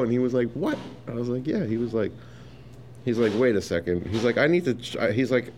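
Deep-voiced man telling his story. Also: moderate pace, long pauses, a little hiss or hum. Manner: animated storyteller who acts out quotes, many fillers. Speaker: interviewee sharing his story. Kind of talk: casual personal testimony.

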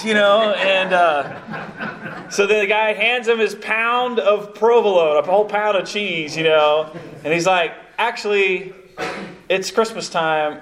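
A man leading a church evangelism training session, telling stories with many asides to a live group. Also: high voice. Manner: storytelling, animated, many asides like "you know, kind of thing". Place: church meeting room with a live audience.

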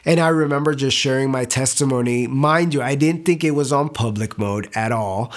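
A young man giving an earnest, emotional personal faith testimony, halting at times and repeating words. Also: mid-range voice. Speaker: testimony speaker.

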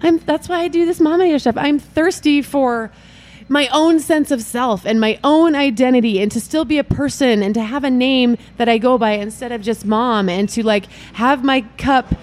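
A woman's voice: sits high, moderate pace. A middle-aged woman, a mother, chatting as an interview guest in a bubbly, rambling way, often laughing. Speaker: guest, event organizer and mother. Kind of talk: casual interview chat.

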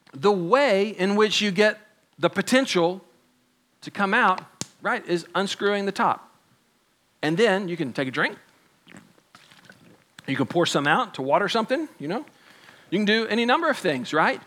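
A man's voice: high voice, bright, forceful tone. A man preaching a sermon, earnest and conversational, using props and building to emphatic points. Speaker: pastor.

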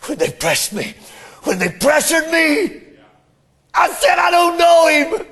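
A guilt-wracked apostle pouring out his confession in a very high, unhurried voice that keeps flaring into shouts, as a preacher puts him on during a sermon. his words come slow and pleading, heavy with shame. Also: big pitch swings, heavily acted. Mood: remorseful. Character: remorseful apostle Peter, a grown man confessing.

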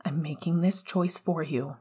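A woman putting on a guarded young man with a cutting, sarcastic edge. The voice sits low and husky, clipped and cold. An audiobook reading of a fan story. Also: steady tone, unhurried, dark tone, exaggerated voice. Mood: bitter.

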